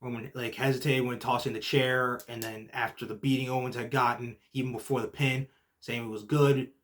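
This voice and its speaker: A young man hosting a casual podcast recap, excitable and full of "like" and "literally", swinging from low muttering to shouting. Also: a little fast. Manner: heavy use of filler like "like" and "literally". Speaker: podcast host.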